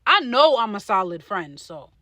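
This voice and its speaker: A woman co-hosting a podcast in casual chat, animated and slangy, laughing often. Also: mid-range voice, moderate pace, dry recording, studio quality. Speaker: podcast co-host.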